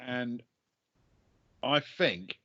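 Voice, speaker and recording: A man playing a tabletop game in a put-on Cockney accent, giving dry, halting replies. He speaks very slowly. The audio is dull and lo-fi. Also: mid-range voice, noisy background.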